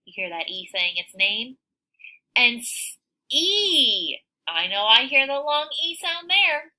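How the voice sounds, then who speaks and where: A woman teaching a phonics lesson to young children, sounding out words slowly and cheering her listeners on. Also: on the high side, rough recording. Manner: slow, sounds out words, animated encouraging teacher voice.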